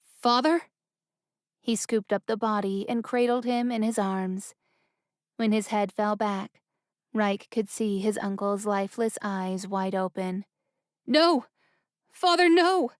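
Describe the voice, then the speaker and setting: A woman's voice: mid-range voice, little pitch movement, unhurried, no echo, studio quality, lightly acted. Woman voicing a grief-stricken young prince. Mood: anguished. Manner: shouting commands, voice trembling. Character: young male prince, grieving and enraged.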